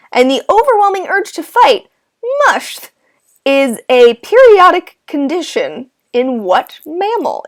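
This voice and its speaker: A woman hosting a live online trivia game, reading each question twice and tossing in playful, jokey asides. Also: sits high. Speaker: trivia host.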